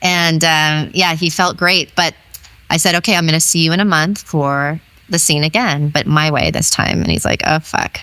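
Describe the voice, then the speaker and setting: A woman being interviewed as an intimacy educator, telling a story in an animated way and acting out the quoted dialogue. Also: low voice, moderate pace, clear, resonant tone, no room sound.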